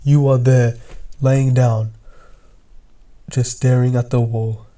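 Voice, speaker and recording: A young man casually narrating a second-person storytime, often dropping into hushed, half-whispered asides. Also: mid-range voice, level tone, takes it slowly.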